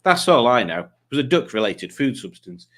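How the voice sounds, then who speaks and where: A man's voice: mid-range voice, very animated, normal speed, fairly bright tone. Chatty man hosting a livestream. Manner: rambling and jokey, with frequent ums and self-corrections. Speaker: livestream host. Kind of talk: casual chat reading out viewer comments.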